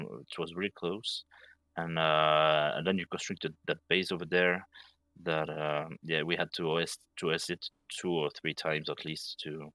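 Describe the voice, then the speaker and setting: Male guest on voice chat, halting delivery, deep yet bright tone. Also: no room sound. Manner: hesitant, many restarts. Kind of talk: casual voice chat.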